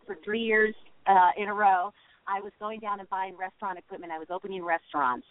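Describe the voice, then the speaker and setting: A woman's voice: mid-range voice, no room sound. Chatty woman on a tinny phone line. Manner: chatty storyteller, laughs often. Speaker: auctioneer guest. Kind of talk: casual phone interview.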